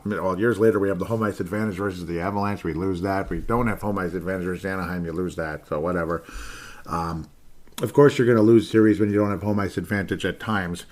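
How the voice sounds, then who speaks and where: A man hosting a solo sports podcast, rambling and excitable, often repeating himself. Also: lowish voice.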